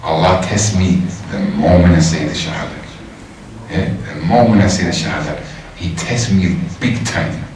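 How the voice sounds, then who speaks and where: Man, animated storyteller, acts out other voices, low voice, steady background noise. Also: moderate pace. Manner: animated, acts out others' lines, laughs often. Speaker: speaker sharing his conversion story. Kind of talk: lively storytelling talk to an audience. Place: mosque hall. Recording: very echoey hall from far off.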